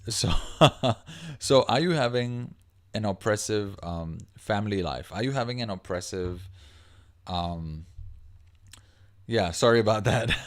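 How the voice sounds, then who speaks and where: A man hosting a livestream, talking casually and rambling, reading viewer comments aloud as he goes. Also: fairly low pitch. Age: adult parent of a young child. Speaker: livestream host.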